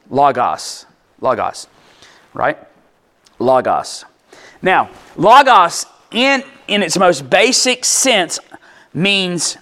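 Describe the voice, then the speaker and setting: A man's voice: on the high side, fairly bright tone. A man teaching a sermon in a casual, conversational way, often checking in with listeners and repeating words as he explains. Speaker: pastor.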